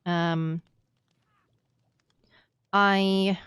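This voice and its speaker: A woman speaking in character in a roleplay, polite and formal in wording, with frequent soft laughs. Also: mid-range voice, flat delivery, very slow, clean tone, no room sound, studio quality.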